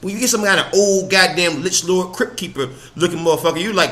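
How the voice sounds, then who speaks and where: A man's voice: high voice, brisk, hardly any pauses, sharp tone. A man hosting a podcast, giving profane, mocking live reaction commentary with frequent laughter. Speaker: podcast host.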